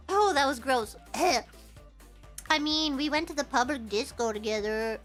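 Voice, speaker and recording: A woman's voice: high-pitched, slow pace, soft background music. A young woman streamer telling stories in a casual chat, giggling often. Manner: giggly, animated, breaks into laughter.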